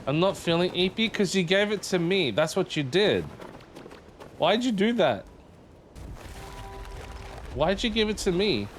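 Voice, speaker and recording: A man's voice: sits high, animated, measured pace, long pauses, soft background music. A man streaming a game live, chatting casually and playfully with viewers and humming tunes between remarks. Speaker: livestreamer.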